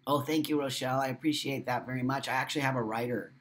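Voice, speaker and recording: A man's voice: mid-range voice, steady tone, fast talker, fairly bright tone. A man hosting a casual livestream, talking passionately and bluntly, swearing freely and emotional after crying. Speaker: live show host.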